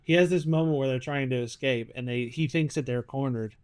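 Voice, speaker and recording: A man's voice: mid-range voice, a little fast, smooth. A man hosting a casual podcast, talking animatedly and acting out characters' lines as he talks. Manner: animated, acts out characters' lines mid-sentence. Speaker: podcast host. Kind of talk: casual chat.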